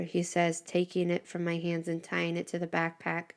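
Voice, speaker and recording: A woman reading a first-person story aloud with an expressive, dramatic delivery. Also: lowish voice, moderate pace, gravelly, hardly any pauses.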